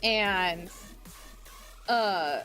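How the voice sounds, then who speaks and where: A woman's voice: medium pitch, very slow, pushed and bright, faint music behind. A young woman streamer chatting casually while drawing, telling rambling stories full of fillers and little voiced quotes. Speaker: VTuber streamer.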